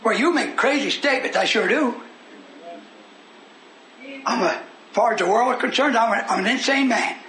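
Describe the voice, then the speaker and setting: An older man preaches in a strikingly high voice, folksy one moment and shouting with fervor the next. His sermon echoes through a hall, and a congregation murmurs behind him. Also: moderate pace, pauses often, crowd noise. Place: church meeting hall.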